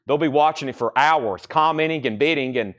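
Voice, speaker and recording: A man hosting a live record sale stream, briskly listing titles, conditions and prices and repeating them for viewers. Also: fairly high pitch, dull audio. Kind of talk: live sales stream chat.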